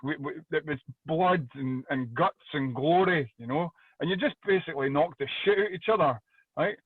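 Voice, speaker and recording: A Scottish man doing loud, energetic stand-up comedy over a video call, swearing freely. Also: on the high side, dry recording. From Scotland. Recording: dry tinny phone-like call audio.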